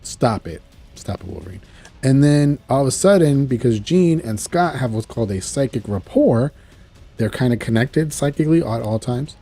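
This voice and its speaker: A man's voice: medium pitch, normal speed, dark tone, faint music behind. A man casually reviewing and recapping a cartoon episode, chatting loosely and acting out lines. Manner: chatty, retells scenes, acts out quotes. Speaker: show reviewer.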